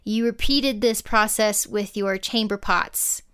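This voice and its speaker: A woman's voice: medium pitch, takes it slowly, a bit bright, clean tone. A woman co-hosting a casual history podcast, reading out prepared facts and then cracking dry jokes. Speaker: podcast co-host.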